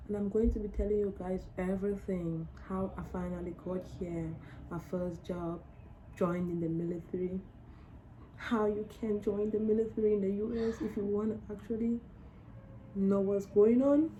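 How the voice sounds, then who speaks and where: Young woman from Cameroon, chatty storytime vlogger, mellow timbre, light background noise. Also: mid-range voice, fairly even intonation, normal speed, lo-fi sound. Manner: chatty, emotional, frequent "like". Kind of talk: casual storytime vlog.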